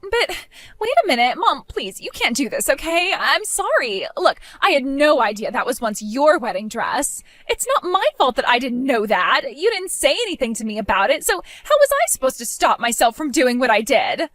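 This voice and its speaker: A spiteful young woman who mocks and whines, as a woman acts her out, her voice high and swinging wildly up and down. She sounds petty and childish. Recorded close and dry. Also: sing-song, normal speed, fairly bright tone, no room sound. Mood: pleading. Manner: mocking, whiny, pleading. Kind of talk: amateur voice drama.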